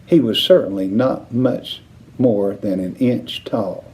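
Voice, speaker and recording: A man reading a children's novel aloud, narrating with expressive intonation. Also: fairly low pitch, takes it slowly. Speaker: reader. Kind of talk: storybook read-aloud narration.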